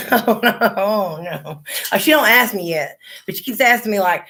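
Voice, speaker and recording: A woman's voice: mid-range voice, animated, moderate pace, sharp tone, breathy edge. A middle-aged woman, chatting on a livestream and telling blunt, profane stories. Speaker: livestream host. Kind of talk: casual chat.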